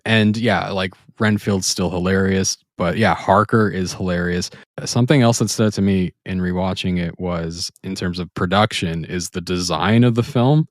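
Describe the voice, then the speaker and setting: A man with a fairly low voice talks through a comedy film he has just rewatched, animated and quick to laugh. He jumps into squeaky voices when quoting lines. The sound is close and dry, with no room around it. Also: no room sound. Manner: enthusiastic, laughs often, acts out quoted lines in high voices. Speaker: podcast co-host. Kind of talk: casual film review chat.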